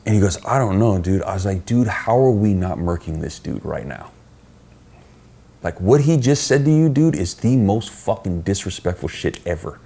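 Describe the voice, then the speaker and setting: A middle-aged man, a podcast guest, telling stories in casual chat, profane and animated as he acts out what people said. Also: sits low, normal speed, gravelly, few pauses, husky. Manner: profane, animated storyteller acting out quoted dialogue.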